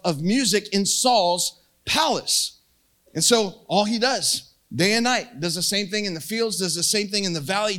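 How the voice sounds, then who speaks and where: A man preaching a casual, jokey sermon, telling a story and acting out quotes. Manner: animated, jokey, acts out quotes with rising pitch. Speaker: pastor.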